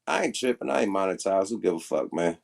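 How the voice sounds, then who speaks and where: A man's voice: deep voice, animated, quick pace, vocal fry. A man hosting a casual livestream, talking loosely and emphatically with plenty of profanity. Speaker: livestream host.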